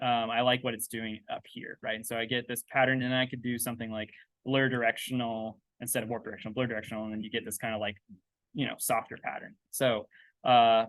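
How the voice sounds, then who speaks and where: A man giving a casual software tutorial, chatty and loose, thinking aloud with lots of fillers and checking in with "right?" as he works on a laptop. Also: medium pitch, no echo. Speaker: 3D texturing instructor. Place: indoors at a laptop.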